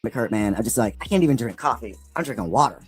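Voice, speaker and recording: A man's voice: mid-range voice, lively intonation, quick pace, slightly rough, faint music behind. A man in his fifties telling a painful story on a livestream, rambling and near tears, repeating "man" between broken phrases. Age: 50s. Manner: rambling, repeats "man", breaks into tearful outbursts. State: close to crying. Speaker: streamer on a clipped livestream. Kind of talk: emotional confessional monologue.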